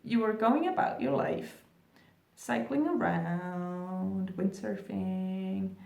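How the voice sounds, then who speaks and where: A woman talking to camera as a spiritual vlogger, gentle, earnest and reassuring. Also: mid-range voice, slow pace, vocal fry. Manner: gentle, earnest and reassuring, with soft laughs and fillers. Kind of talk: casual talk to camera. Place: indoor room, Australia. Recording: echoey room, distant mic.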